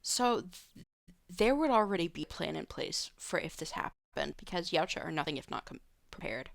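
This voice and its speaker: A woman's voice: fairly low pitch, expressive, normal speed, vocal fry, no echo, studio quality. A woman streamer at home, answering viewer questions in a loose, rambling way with many fillers and restarts. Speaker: live streamer. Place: home room.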